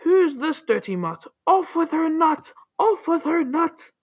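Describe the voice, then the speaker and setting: A woman's voice: fairly high pitch, expressive, measured pace, fairly bright tone, dry recording, clean studio sound. A woman reading a rhyming story and playing a hot-tempered, bloodthirsty young prince who roars and barks orders. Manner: roaring, barking orders.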